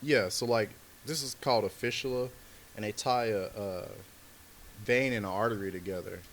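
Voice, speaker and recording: A man's voice: fairly low pitch, moderate pace, a little hiss or hum. A man, a comedian guest on a podcast, telling a story in loose, slangy talk full of filler words. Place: podcast studio.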